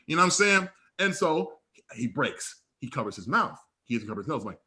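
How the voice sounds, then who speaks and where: A man's voice: fairly high pitch, sing-song, fast talker, bright, forceful tone. A young man co-hosting a podcast, telling stories in casual, slangy, profane chat with acted-out dialogue. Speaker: podcast co-host.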